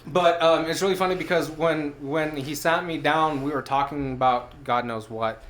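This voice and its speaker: A man's voice: a little high, steady tone, moderate pace, a bit bright, slight background noise. A man co-hosting a casual podcast, telling a long rambling story with plenty of fillers and casual swearing. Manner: rambling storyteller, loose and profane. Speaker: podcast co-host. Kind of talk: casual chat.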